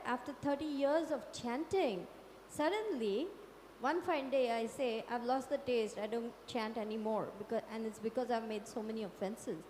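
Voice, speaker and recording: A woman's voice: high voice, a little mellow. A woman in the audience politely asking the speaker a thoughtful question. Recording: echoey hall with long reverb, faint noise.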